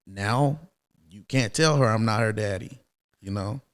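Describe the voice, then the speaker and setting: A man in his thirties, a podcast guest, telling a personal story in a casual, animated way. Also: lowish voice, a little slow. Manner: animated, acts out quoted voices, many fillers.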